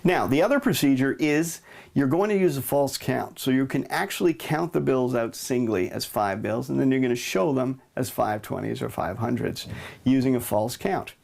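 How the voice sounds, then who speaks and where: A man teaching a money-change magic trick, explaining step by step in a relaxed way and punctuating moves with "boom.". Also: normal speed, vocal fry. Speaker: magic instructor. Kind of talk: demonstrating and explaining a card trick.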